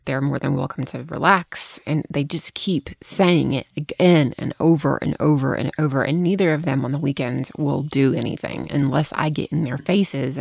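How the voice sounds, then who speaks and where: A woman's voice: low voice, a little slow, creaky, dry recording, studio quality. A middle-aged woman hosting a podcast, talking frankly in casual chat, swearing freely as she tells stories. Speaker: podcast host.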